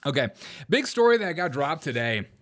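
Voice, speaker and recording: A man's voice: on the high side, sing-song, normal speed, fairly bright tone. A man hosting a casual political commentary show, sarcastic and joking, often breaking into laughter. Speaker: show host.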